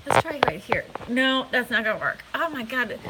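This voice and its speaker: A woman's voice: a little high, animated, moderate pace, very noisy. A woman real estate agent chatting casually on a live stream from a hotel room, giggly and rambling, recorded on a phone. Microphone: phone camera.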